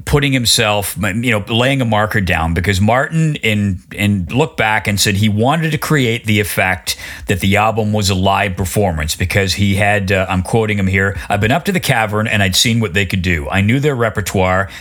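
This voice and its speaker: A man's voice: on the low side, normal speed, hardly any pauses. A man hosting a casual music podcast, putting questions to his guests and reading out quotes. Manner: relaxed, reads quotes aloud, asks guests questions. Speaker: podcast host.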